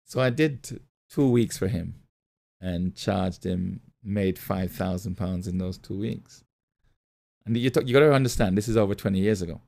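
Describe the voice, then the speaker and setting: A middle-aged male pastor with a low, mellow voice and some vocal fry delivers a motivational sermon at a moderate pace. He tells a personal story, repeats key phrases, and acts out the voices of people he quotes.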